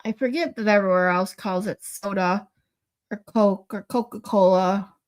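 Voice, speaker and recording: A woman's voice: mid-range voice, fairly even intonation, normal speed. A woman, chatting casually as a streamer and laughing easily between clips. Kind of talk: casual chat.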